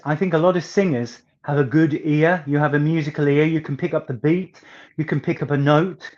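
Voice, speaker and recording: A man with a soft northeast English accent and a fairly high voice, telling chatty stories in an interview. His emphasis turns theatrical at times. The audio is slightly muffled and lo-fi. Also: steady tone, fairly quick. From northeast England. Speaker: singer guest.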